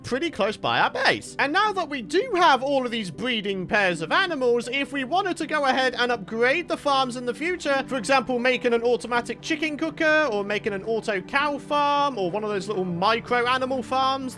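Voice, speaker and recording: Lively, bright gaming commentator. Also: male voice, extremely high pitch. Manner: chatty, playful, talks to the animals. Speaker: gaming YouTuber. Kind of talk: Minecraft let's-play commentary.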